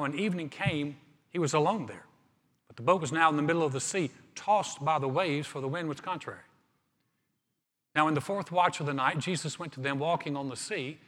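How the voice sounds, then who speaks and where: Husky pastor in a reverberant church. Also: male voice, on the high side, a bit bright. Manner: reads scripture, then preaches conversationally with humor. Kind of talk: sermon.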